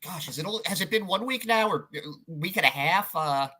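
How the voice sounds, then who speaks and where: Bright-voiced chatty podcast host man. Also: high voice, animated, normal speed. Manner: chatty, filler-heavy, trailing restarts. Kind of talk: casual interview chat.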